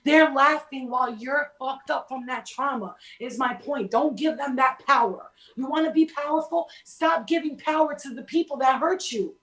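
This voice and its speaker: A woman's voice: sits high, normal speed, hardly any pauses, fairly bright tone, reverberant, poor audio. A woman giving casual spiritual advice in a blunt, emphatic way, swearing freely as she talks.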